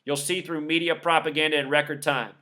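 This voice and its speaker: This male commentator talks over news footage, listing figures in a row with scorn and emphasis. His pitch is a little high and his intonation fairly even. The pace is fairly quick and the tone bright and forceful.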